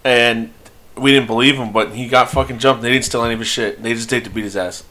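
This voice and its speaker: A man's voice: mid-range voice, fairly even intonation, fast, pushed and bright, low-quality recording. A young man hosting a crude podcast chat outdoors, joking and laughing. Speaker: podcast host. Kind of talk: crude casual banter. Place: outdoors in an alley.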